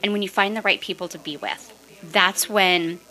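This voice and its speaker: A woman in her forties, a podcast guest, telling her story in casual talk, animated, laughing and acting out the voices she quotes. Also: medium pitch, normal speed. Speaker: podcast guest, real estate investor.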